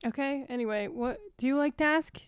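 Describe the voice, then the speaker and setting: A woman's voice: high voice, normal speed, clean tone, dry recording, clean studio sound. A young woman from the suburbs, co-hosting a comedy podcast in a swearing, ranting, over-caffeinated way. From Philadelphia suburbs. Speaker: podcast co-host. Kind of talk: casual comedic chat.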